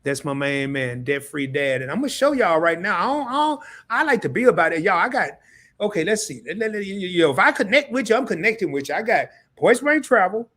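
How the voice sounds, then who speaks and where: Excitable man hosting a live stream. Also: high voice, a little fast. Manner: excitable, talks straight to the chat; repeats himself, restarts often. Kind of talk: casual live stream chat.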